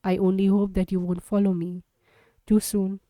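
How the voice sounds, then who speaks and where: A woman reading a farewell letter from a weary former sailor, in a quiet, resigned tone. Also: high voice, monotone, normal speed, dry recording, close to an everyday voice.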